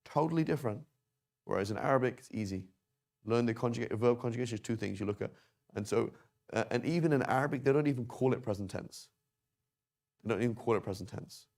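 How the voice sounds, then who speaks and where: A man's voice: mid-range voice, quick pace, creaky, a little mellow. A man teaching a grammar lesson at a whiteboard, explaining patiently and checking in often with "right?" and "okay?". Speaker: Arabic teacher. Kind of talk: classroom lesson on verb conjugation.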